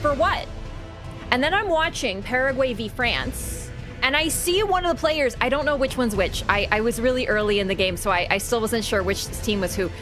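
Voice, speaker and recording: A woman's voice: on the high side, brisk, few pauses, music in the background. A young woman streaming a game, chatting casually and ranting with lots of fillers and swearing. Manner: animated, swears freely, rants with many fillers. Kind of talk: casual livestream chat.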